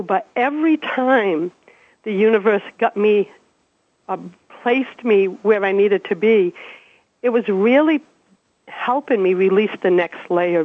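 Woman, 50s, from Massachusetts; lively guest storyteller, laughs often; phone-thin dry line. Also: medium pitch, no echo. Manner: chatty, animated, laughs while telling stories. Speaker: interview guest. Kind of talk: casual storytelling. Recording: dry, tinny phone-like radio sound.

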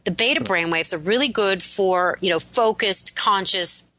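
A woman's voice: mid-range voice, moderate pace, bright, forceful tone, rough recording. A woman who is a relationship and prosperity expert, speaking as a guest in a radio interview and explaining ideas in an enthusiastic, affirming way.

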